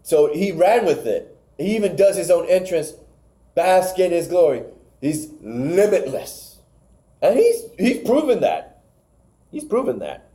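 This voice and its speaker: A man's voice: high voice, sing-song, unhurried, mellow. A man co-hosting a podcast, casually recapping wrestling matches, rambling and stumbling over names. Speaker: podcast co-host.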